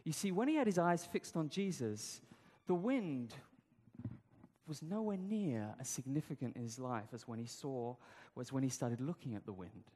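A man's voice: medium pitch, lively intonation, normal speed, dark tone, long reverb tail. A man preaching a sermon, telling the story conversationally with rhetorical questions.

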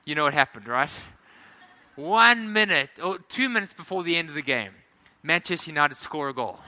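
A male preacher delivers a sermon in an easy, conversational way and keeps putting questions to his listeners. His voice sits high and sounds very bright and cutting. The hall around him carries a long reverb. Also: expressive, moderate pace. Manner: conversational, asks the congregation questions.

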